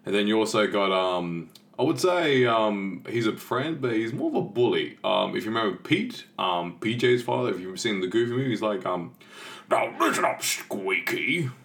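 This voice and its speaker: Deep voiced guy hosting a podcast, rambling and excited, lots of ums. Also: normal speed, gravelly, hardly any pauses. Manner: enthusiastic, rambling, many fillers. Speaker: podcast host. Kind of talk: casual podcast chat.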